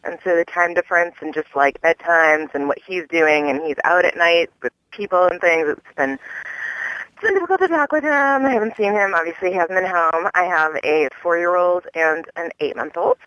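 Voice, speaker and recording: A woman's voice: moderate pace, a bit bright, dry recording, low-quality recording. Woman, young, caller, exasperated rant, mocking voices, dry close recording. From East Coast of the US. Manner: exasperated, acts out the stranger in a high mocking voice. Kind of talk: venting voicemail story.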